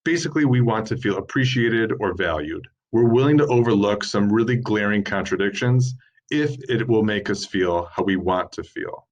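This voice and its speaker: A man in his thirties with a fairly low voice leads a community lunchtime workshop. He explains each point steadily and works through lists item by item, reading from slides in an informal lecture. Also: moderate pace, highs cut off. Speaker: workshop presenter.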